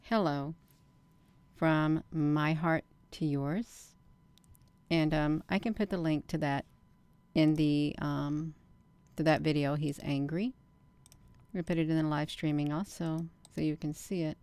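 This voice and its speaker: A woman hosting a casual livestream vlog, talking in an earnest, repetitive way with many pauses and ums. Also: sits low, steady tone, darkish tone, smooth, no echo. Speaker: channel host.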